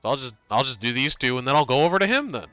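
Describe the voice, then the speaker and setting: A man streaming a video game, chatting casually, laughing often and reacting quickly, close on a desk mic. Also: medium pitch, animated, sharp tone, clean tone, dull audio, faint music behind. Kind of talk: casual gaming commentary.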